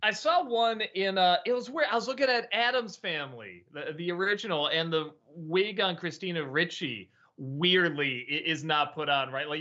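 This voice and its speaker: Bright-voiced man, hesitant and laughing. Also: on the high side, muffled recording. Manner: hesitant, many ums, laughs easily. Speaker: show host and reviewer. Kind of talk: casual livestream chat.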